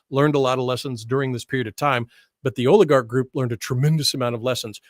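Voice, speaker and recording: A man's voice: medium pitch, no echo, studio quality. An American man presenting history in a casual lecture over slides, chatty and full of tag questions and restarts.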